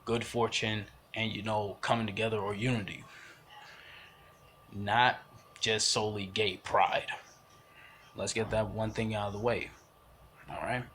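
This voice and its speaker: Emphatic rambling man with a bright voice. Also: on the low side, slight background noise. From United States. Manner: rambling, emphatic, with many fillers and restarts. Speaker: vlogger giving commentary. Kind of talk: casual spoken commentary.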